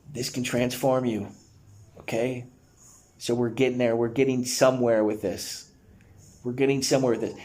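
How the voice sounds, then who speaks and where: A man's voice: medium pitch, a little mellow. A man leading a guided breathwork session, earnest and encouraging, talking in a casual, slangy way to his listeners. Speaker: breathwork facilitator.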